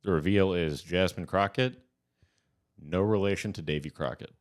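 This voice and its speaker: Male podcast co-host, extremely low voice, rambling jokey banter. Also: moderate pace. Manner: rambling, jokey, frequent restarts. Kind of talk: casual comedy chat.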